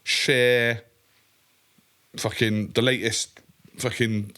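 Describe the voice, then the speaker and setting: A man's voice: medium pitch, little pitch movement, extremely slow, bright, forceful tone, clear, resonant tone. Rambling, swearing man. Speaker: podcast co-host. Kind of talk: casual chat.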